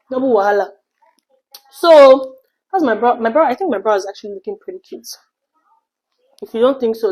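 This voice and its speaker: A young adult woman from Nigeria, telling an animated storytime vlog and slipping in pidgin phrases. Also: mid-range voice, breathy edge, rough recording. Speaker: vlogger.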